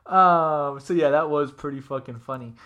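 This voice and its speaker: A man's voice: a little high, moderate pace, a bit bright, clean tone, lo-fi sound. A young man telling a funny story in casual chat, swearing freely and acting out the voices of the people he quotes.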